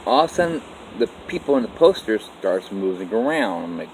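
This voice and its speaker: A man with a fairly low voice tells his own life story in a loose, rambling way. He stops and restarts his sentences and acts out what people said with "I'm like." A faint hiss sits under his voice. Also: sing-song, brisk. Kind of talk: casual first-person life story.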